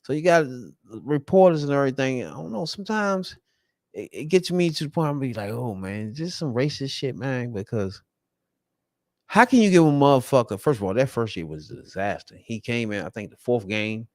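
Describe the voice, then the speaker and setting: A man's voice: mid-range voice, expressive, a little fast, a little mellow, no echo. A middle-aged man from the United States ranting casually as a sports fan vlogger, profane and repetitive, his talk swelling into heated outbursts.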